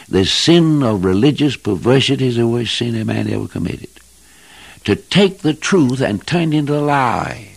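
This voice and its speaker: A man's voice: low-pitched, creaky, a little mellow, slightly rough, no room sound. A man preaching an emphatic old-time sermon, swinging his voice up and down for emphasis. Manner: emphatic, preaching in rising and falling bursts. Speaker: evangelist preacher.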